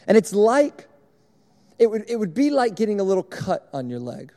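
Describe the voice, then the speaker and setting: A man's voice: high voice, sing-song, moderate pace, warm tone, big-room sound. A young man preaching a sermon to a room, in a conversational, illustrative way, repeating his points. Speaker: speaker at a church service.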